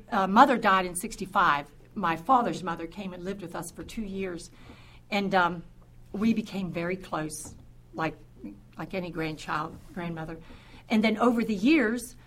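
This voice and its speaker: An older woman telling a personal faith story in a halting way, often repeating words and restarting her sentences. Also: fairly low pitch, fairly bright tone. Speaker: speaker giving a personal testimony.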